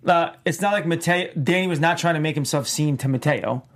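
A man co-hosting a casual show recap, animated and theorizing, with mild swearing. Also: fairly high pitch, brisk. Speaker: co-host. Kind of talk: casual episode recap chat.

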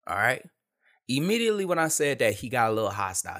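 A man's voice: medium pitch, very animated, quick pace, a bit bright. A man hosting a podcast, talking in a blunt, candid monologue full of slang and repetition. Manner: candid, emphatic, street slang, repeats himself. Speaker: podcast host. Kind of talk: casual monologue.

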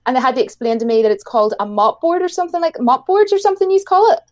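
A woman's voice: high-pitched, sing-song, rapid-fire. A woman from Ireland with an Irish accent, chatting casually and laughing often. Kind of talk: casual chat.

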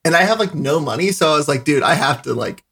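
A man's voice: a little high, lively intonation, fast talker, gravelly, bright, forceful tone, slightly rough. A man co-hosting a podcast, telling a long story in casual chat, full of "like" fillers. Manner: rambling storyteller, many "like" fillers. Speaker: podcast co-host.

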